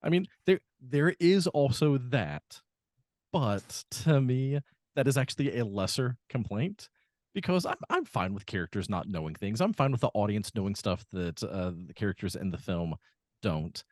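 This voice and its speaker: A man's voice: lowish voice, sing-song, moderate pace, darkish tone, dry recording, clean studio sound. A man co-hosting a podcast, talking through a film in casual chat with lots of fillers and restarts. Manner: rambling, many fillers and restarts. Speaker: podcast co-host.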